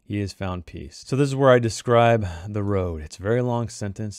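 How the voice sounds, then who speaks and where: A man chats casually about a short story he wrote, thinking out loud and restarting often as he comments on his own writing. His voice is lowish and a little mellow, at normal speed with few pauses. The sound is clean, dry and of studio quality.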